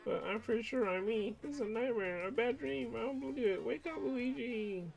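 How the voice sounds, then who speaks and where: A man's voice: extremely high pitch, moderate pace, gravelly, faint music behind, pitched above the performer's own voice. A man voicing a jittery, starstruck young female fan, squealing and flustered. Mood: indignant. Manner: squealing, flustered, indignant outbursts. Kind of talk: reading game dialogue aloud.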